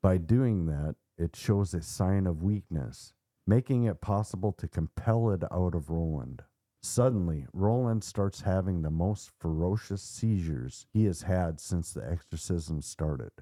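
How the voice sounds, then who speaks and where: A man hosting a podcast, retelling a story in a measured, dramatic way. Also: sits low, lively intonation, mellow, no room sound, studio quality. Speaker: podcast host.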